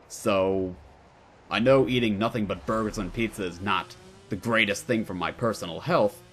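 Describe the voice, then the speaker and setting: A young man answering viewer questions at home in a casual, playful, wry way. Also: fairly low pitch. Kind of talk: casual Q&A monologue.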